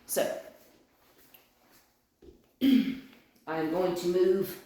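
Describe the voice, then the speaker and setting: A woman's voice: on the low side, drawn-out words, mellow. A woman dog trainer giving a hands-on training lesson, explaining each step aloud and often checking in with "right?". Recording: very echoey room, faint noise.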